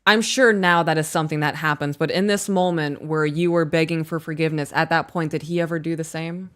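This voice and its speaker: Woman host reading emails on a live stream, low smooth voice, blunt and sweary. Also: fairly even intonation, fairly quick. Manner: blunt, frank, swears casually.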